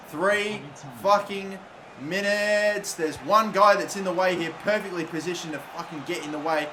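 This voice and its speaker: A young man from Australia commentating his own football video game, swearing constantly and erupting into shouts when a play goes wrong. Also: high voice, a little hiss or hum. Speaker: gaming YouTuber. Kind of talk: live gameplay commentary.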